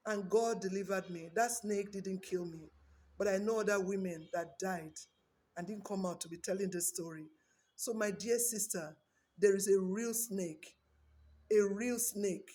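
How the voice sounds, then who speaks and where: A woman's voice: mid-range voice, a little mellow. Emphatic woman giving a testimony. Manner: emphatic, repeats phrases, preachy appeals. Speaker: vlogger giving a religious testimony. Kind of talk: personal testimony and exhortation.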